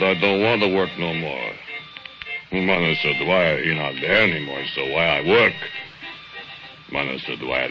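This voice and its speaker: A brooding foreign steelworker. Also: male voice, very deep voice. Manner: broken English, slow heavy confession. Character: brooding immigrant male steelworker, jealous. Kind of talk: 1940s radio acting. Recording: muffled old radio recording, faint hiss.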